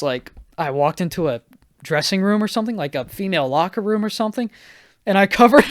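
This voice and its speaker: A man's voice: high voice, smooth. A young man hosting a solo podcast, telling a rambling, self-mocking story and acting out what people said in raised voices. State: high and anxious. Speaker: podcast host.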